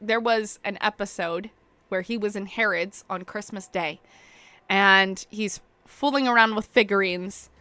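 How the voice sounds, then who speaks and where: A woman with a bright, forceful voice chats loosely while she streams a game. She drifts from story to story, fills the gaps with little hesitations, and laughs at her own asides. The sound is close and dry, with no room around it. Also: medium pitch, measured pace, dry recording. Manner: rambling, jumps between stories, many fillers.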